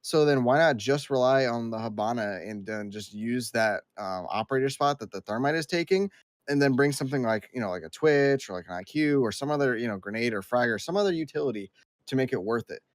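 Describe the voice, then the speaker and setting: A man casting a live esports match, talking quickly through play-by-play and analysis in a chatty, easygoing way. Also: medium pitch, expressive, dry recording. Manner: talkative, quick asides, apologetic host patter. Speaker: esports caster.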